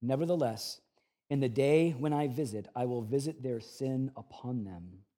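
A man preaching an expository sermon, moving between quiet, low reflection and raised, urgent emphasis, and paraphrasing scripture in a conversational way. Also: normal speed. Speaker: pastor.

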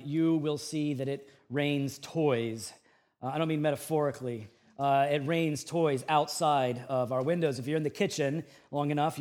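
A pastor in his thirties preaching a sermon, with a humorous storytelling manner and lively shifts. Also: on the high side.

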